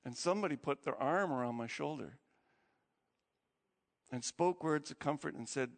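A man preaching a sermon as pastor, telling stories with feeling, his voice climbing high and then dropping to a hush. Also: moderate pace, creaky, long pauses, in a large hall. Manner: emotional storytelling, voice rising high and dropping low to a hush.

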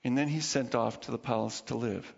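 A man pastor preaching a sermon, telling stories with animated quoted voices and small chuckles. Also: medium pitch, fairly quick, vocal fry, breathy edge. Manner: storytelling with acted quotes and chuckles. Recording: dull lo-fi hall reverb.

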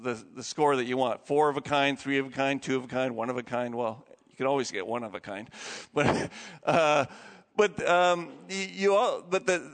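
A man's voice: medium pitch, normal speed. Man preaching in a reverberant hall. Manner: animated storytelling, acting out quoted voices. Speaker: pastor. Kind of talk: sermon.

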